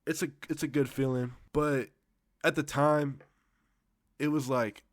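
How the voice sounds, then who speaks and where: Young guy, casual storytime, slangy and rambling, medium pitch, dead-dry close sound. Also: steady tone, a little slow, no room sound. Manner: loose, slangy, profane, rambling with restarts.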